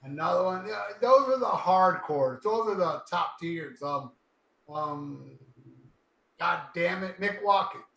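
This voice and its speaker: A man's voice: high-pitched, lively intonation, takes it slowly, creaky, a bit bright, echoey room, poor audio. A man co-hosting a podcast, rambling in an easygoing way and turning emphatic when making a point. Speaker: podcast co-host, YouTuber. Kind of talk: casual podcast chat.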